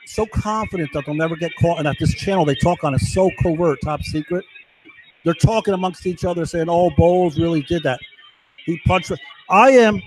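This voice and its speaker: A man's voice: a little high, a little mellow, a little hiss or hum, low-quality recording. A man delivering an agitated, profane monologue full of accusations. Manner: ranting, profane, accusatory outbursts.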